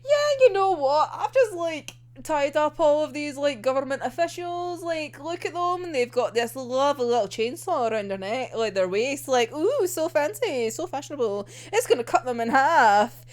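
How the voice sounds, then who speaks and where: A woman's voice: high-pitched, animated, normal speed, few pauses, voice pushed up. A woman voicing a playfully cruel young male villain, in a bubbly, mock-sweet way. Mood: gleeful.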